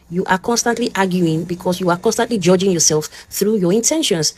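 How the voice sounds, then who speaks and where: A woman, talking casually and warmly as she teaches, often checking in with "okay?" and acting out both sides of an argument. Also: medium pitch, animated, brisk. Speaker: advice talk host. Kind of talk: casual advice talk.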